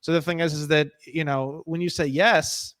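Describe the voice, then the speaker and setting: A man in a casual interview, talking in an animated, profane, ranting way. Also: fairly high pitch, moderate pace, no room sound. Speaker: guest.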